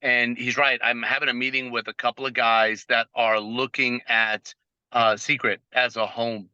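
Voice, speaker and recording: A man's voice: mid-range voice, level tone, moderate pace, pushed and bright, clear, resonant tone, no echo, muffled recording. A middle-aged man leading a team training on a video call, telling stories with energy and acting out the dialogue. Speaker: network marketing team trainer.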